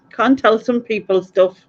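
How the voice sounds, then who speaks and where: A woman's voice: on the high side, slow. A woman hosts a casual quiz stream. She rambles through stories and laughs often. Her voice comes through dull, lo-fi audio. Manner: chatty, rambling, laughs a lot. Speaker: quiz host. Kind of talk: casual live stream chat.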